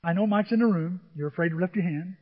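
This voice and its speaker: Male pastor, high voice, emphatic sermon style that bursts loud on key words, long hall reverb, dull audio. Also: fast. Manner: emphatic, rising to near-shouts on key words; acts out congregants' complaints in mocking voices.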